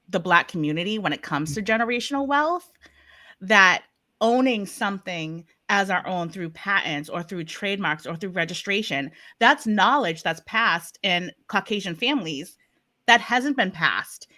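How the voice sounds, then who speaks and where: A woman from Massachusetts with a Boston accent, moderating a virtual panel discussion in an emphatic, animated, playful way over a video call. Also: mid-range voice, normal speed.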